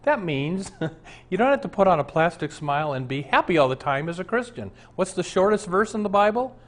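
A man's voice: high-pitched, very animated, brisk, a bit bright. A man in his sixties, a pastor, preaching an earnest, conversational sermon full of rhetorical questions.

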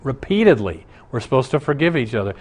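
A middle-aged man preaching a sermon for a broadcast show. He speaks in an ordinary middle register, earnest and emphatic, building to stressed points and dropping back to a quieter, conversational tone. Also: mid-range voice, sing-song, fast talker, breathy edge. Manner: earnest, emphatic preaching with rising and falling intensity. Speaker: pastor.

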